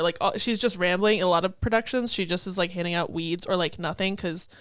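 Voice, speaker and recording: A woman's voice: lowish voice, steady tone, quick pace, few pauses, fairly bright tone, dry recording. A young woman co-hosting a podcast, chatting casually, swearing freely and laughing often. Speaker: podcast co-host. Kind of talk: casual chat.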